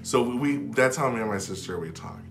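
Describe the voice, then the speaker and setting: A man telling a personal story to camera in a rambling, casual way, full of "like" and restarts, sometimes dropping to a hush. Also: mid-range voice, lively intonation, fast. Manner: drops to a hush when retelling whispered moments. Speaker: vlogger. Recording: echoey room with faint background music.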